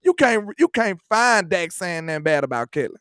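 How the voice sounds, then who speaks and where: A man's voice: high-pitched, sing-song, moderate pace, fairly bright tone, clear, resonant tone, dry recording, studio quality. A man co-hosting a podcast, talking sports in casual slangy banter and laughing often. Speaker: podcast co-host.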